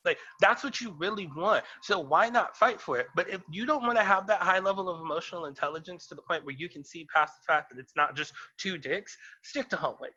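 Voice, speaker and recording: A man's voice: high-pitched, a little fast, few pauses, bright, forceful tone, muffled recording. A man co-hosting a casual podcast chat, ranting in a sassy, emphatic way. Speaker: podcast co-host.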